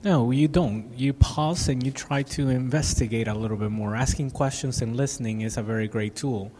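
A man's voice: medium pitch, normal speed, in a large hall, noisy background. A man teaching in an earnest, advisory way during a panel discussion, often repeating words as he goes. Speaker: pastor teaching evangelism. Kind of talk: instructive discussion.

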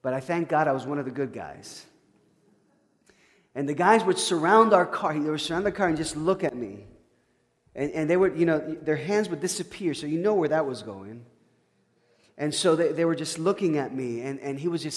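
A man preaching a sermon, telling a personal story in a conversational way, with stammered restarts and swings from loud to hushed. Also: on the high side, lively intonation, moderate pace, in a large hall. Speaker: pastor.

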